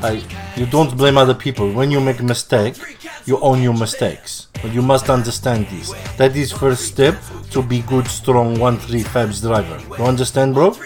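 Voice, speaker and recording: A man voicing a boastful, scolding immigrant cab driver with a put-on Russian accent, speaking broken English in a loud salesman style. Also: mid-range voice, fairly even intonation, moderate pace, soft background music, lightly acted. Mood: lecturing. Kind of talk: comedy ad skit.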